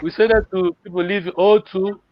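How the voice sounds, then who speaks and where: A man's voice: sits high, fairly even intonation, a little fast, dry recording, highs cut off. A man teaching a live online language lesson, encouraging learners and repeating words for them to copy.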